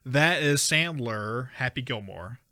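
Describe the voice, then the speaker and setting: A man's voice: medium pitch, expressive, takes it slowly, pushed and bright, dry recording, studio quality. A man playing a movie quote guessing game, thinking aloud and laughing easily. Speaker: contestant. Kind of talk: casual podcast game.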